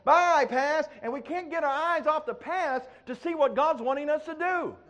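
A middle-aged male preacher with a very high voice, delivering an animated sermon. He swings from loud, pleading acted-out prayers to low, hushed asides. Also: moderate pace.

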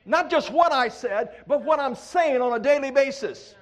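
A middle-aged man preaching a sermon, acting out prayers in a raised pleading voice, then dropping low. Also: animated, moderate pace.

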